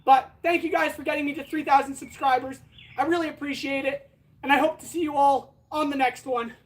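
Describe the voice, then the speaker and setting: A woman's voice: sits high, fairly even intonation, a little fast. A woman hosting a casual livestream, winded as she talks between sword swings and answers viewers. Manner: chatty, answers viewers directly. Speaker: blacksmith livestream host.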